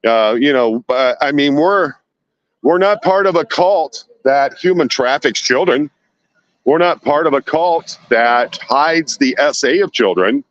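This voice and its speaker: A man's voice: on the high side, lively intonation, measured pace, no echo. Indignant live-streaming man, dull phone audio. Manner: indignant rhetorical questioning, chatty asides. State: sweating. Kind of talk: casual live stream, reading chat. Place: outdoors downtown at night. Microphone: handheld phone.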